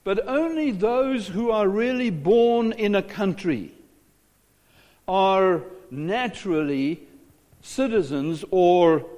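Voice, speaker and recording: A man's voice: high voice, a little mellow, long reverb tail. A South African man preaching a sermon as a pastor, asking rhetorical questions and often repeating his words.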